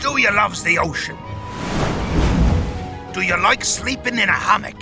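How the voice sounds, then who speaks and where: A man voicing a gruff, boastful male pirate with a British accent and dropped-grammar pirate talk, for a children's podcast. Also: high voice, a little slow. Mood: boisterous. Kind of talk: children's educational podcast character. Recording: music playing under the voice.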